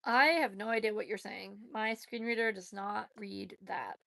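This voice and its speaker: A woman's voice: medium pitch, a little slow, vocal fry, fairly bright tone, no echo, studio quality. A woman chatting casually on a live stream, answering viewer questions in a blunt, opinionated way and often correcting herself mid-sentence. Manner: frank, with frequent fillers and self-corrections.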